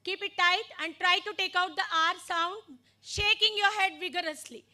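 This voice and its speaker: A woman training teachers in phonics, modeling letter sounds slowly and deliberately. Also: very high-pitched, steady tone, bright, forceful tone.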